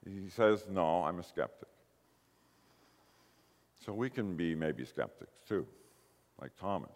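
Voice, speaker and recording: A man preaching a sermon, telling the story in a lively way and acting out the quoted lines. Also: low voice, slow pace. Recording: long hall reverb.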